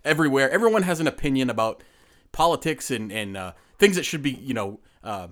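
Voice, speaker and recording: Man, podcast co-host, casual chat, rambling and joking, quick. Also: medium pitch, big pitch swings, a bit bright. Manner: rambling, self-interrupting, joking.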